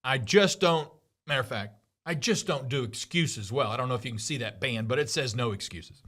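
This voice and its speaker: A man's voice: medium pitch, lively intonation, fairly quick, a bit bright. A middle-aged man hosting a podcast, giving an emphatic motivational monologue with lots of repetition. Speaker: podcast host.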